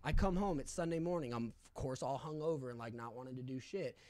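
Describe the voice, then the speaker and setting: A man's voice: medium pitch, fast talker, a little mellow, dry recording. Candid, swearing man, dry sound. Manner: candid, swears a lot, frequent fillers. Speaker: podcast guest. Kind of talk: casual storytelling.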